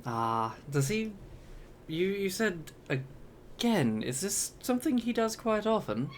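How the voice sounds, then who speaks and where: A man's voice: high voice, sing-song, slow pace, a little hiss or hum, voice pushed up, heavily acted. A man playing a courteous armored battle sister. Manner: courteous, hesitant, many fillers. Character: polite female battle sister in power armor.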